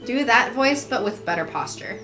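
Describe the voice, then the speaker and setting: A woman's voice: fairly high pitch, animated, moderate pace, music in the background. A woman co-hosting a let's play in casual chat, teasing and prodding her partner in a dry way.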